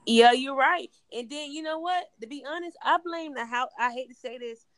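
A woman's voice: high-pitched, normal speed, a bit bright, dry recording. A woman in casual group chat as a podcast co-host, talking in a blunt, opinionated way.

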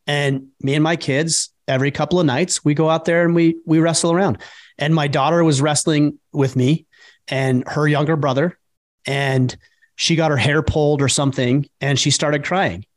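Emphatic man, slightly high voice. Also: normal speed. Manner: emphatic, animated when quoting others. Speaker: podcast co-host. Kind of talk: casual podcast chat.

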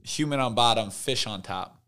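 Young man with a smooth, swearing slangy voice. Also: mid-range voice, pushed and bright. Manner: slangy, swears a lot, drawn-out filler-heavy talk. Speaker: podcast guest. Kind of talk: casual chat.

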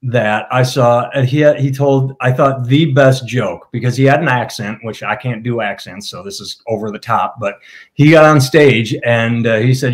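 A man's voice: medium pitch, normal speed. Storytelling man in casual chat, wry and crude, spitballing his thoughts. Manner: joking storyteller, casual and profane. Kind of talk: casual podcast conversation.

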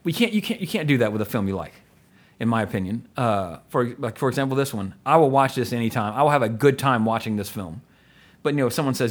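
A man's voice: medium pitch, lively intonation, quick pace. A man hosting a casual movie podcast, rambling and enthusiastic, with frequent laughs and fillers. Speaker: podcast host.

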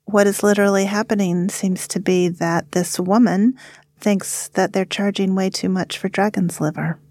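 A woman professor talking as a podcast guest, speaking in a calm, measured, thoughtful way. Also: mid-range voice, dry recording, studio quality. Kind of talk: casual reflective discussion.

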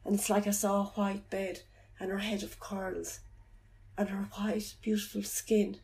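A middle-aged woman telling of her loss in an interview. She talks haltingly and softly, often searching for words. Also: medium pitch, little pitch movement, vocal fry. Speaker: bereaved mother telling her story. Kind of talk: personal account in an interview.

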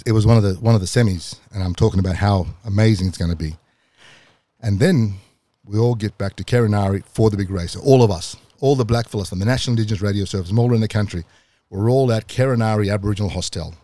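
A man with an Australian accent tells his own story in a low, mellow voice. He builds from easy recounting to swelling excitement and moments near tears. The sound is dry and close, with no room around it. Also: no echo. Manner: emotional, passionate retelling that builds to excitement. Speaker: podcast host telling his own story. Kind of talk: personal storytelling.

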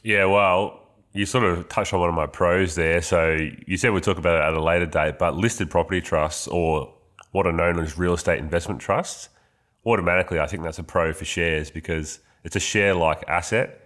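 Deep-voiced man with a nasal cold. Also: fairly even intonation, moderate pace, a bit bright. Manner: playful, competitive. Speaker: podcast co-host. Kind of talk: casual finance podcast debate.

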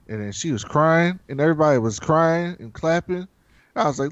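A man's voice: a little high, moderate pace, no echo. Guy telling a story to his buddy, does all the voices, dry dull recording. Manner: animated storyteller acting out characters' lines. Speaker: podcast co-host recapping a TV episode. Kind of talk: casual chat.

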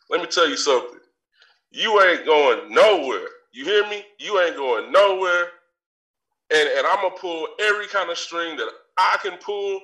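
A high-voiced man rants in a boastful, mock-furious comic tirade, swearing his way through it. His bright, slow delivery sounds off-mic in an echoey room. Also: recorded from a distance. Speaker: podcast co-host. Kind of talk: comedic rant in character.

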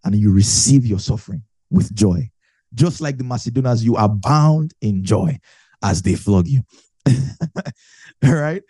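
A man's voice: medium pitch, lively intonation, measured pace, mellow, slightly rough, dry recording. A man preaching a conversational Bible teaching, chatty and self-correcting, laughing often.

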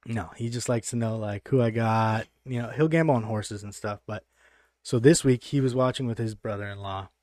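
A man's voice: fairly low pitch, normal speed, darkish tone, dry recording, studio quality. A man co-hosting a casual sports betting podcast, brash and swearing freely as he runs through his picks. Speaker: podcast co-host.

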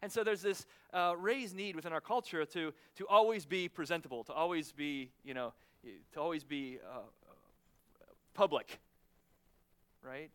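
A man's voice: a little high, normal speed, clean tone. A man in his thirties preaching a sermon in a conversational way, with frequent restarts and repeated "right?" checks. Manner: lively, laughs with the congregation.

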